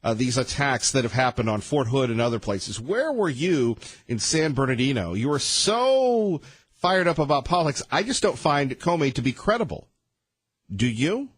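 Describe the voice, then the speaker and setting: A man hosting a morning talk radio show, delivering rapid-fire sarcastic opinions. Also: medium pitch, very animated, husky, dry recording. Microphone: studio microphone.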